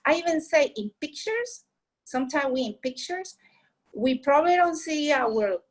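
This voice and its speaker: Earnest woman, Spanish native, higher voice. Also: sing-song, normal speed, rough recording. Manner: earnest and encouraging, repeats her points. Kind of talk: heartfelt casual advice.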